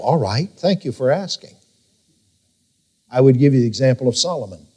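A male pastor preaching a sermon, emphatic and reading scripture in a slow, drawn-out way. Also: mid-range voice, animated, mellow, breathy edge.

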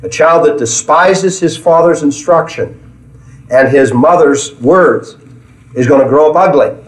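A man's voice: fairly high pitch, unhurried. A man leading a Bible study in an earnest preaching style, often repeating phrases as he finds his words. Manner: earnest, repeats himself while searching for words. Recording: echoey room, mic at a distance.

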